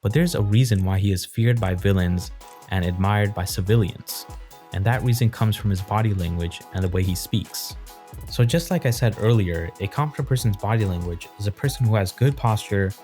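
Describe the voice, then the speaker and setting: A man calmly explaining his points in an analytical video essay. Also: on the low side.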